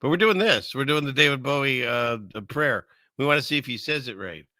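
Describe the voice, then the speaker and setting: A man's voice: medium pitch, animated, a little fast, bright, forceful tone, no echo. A man hosting a casual livestream, rambling conversationally and reading Bible verses aloud. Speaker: live stream host. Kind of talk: casual livestream commentary on scripture and conspiracies.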